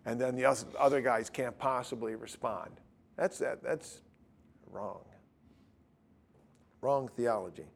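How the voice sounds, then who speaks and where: A man's voice: medium pitch, slow, gravelly, long pauses, slight background noise. A man teaching a Bible study class in a blunt, informal way, often restarting his sentences. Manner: blunt, informal, self-interrupting.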